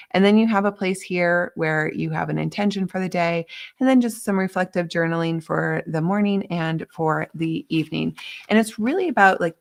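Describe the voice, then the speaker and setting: A woman's voice: on the low side, vocal fry. A woman hosting a live online session, chatting casually in a gushing way with lots of filler words. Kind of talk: casual live-stream chat.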